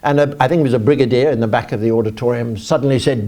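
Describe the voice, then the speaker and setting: An older English man speaking at a conference, animated and self-deprecating, rambling with restarts. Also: medium pitch, a little fast. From England. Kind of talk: live talk to an audience. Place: conference auditorium.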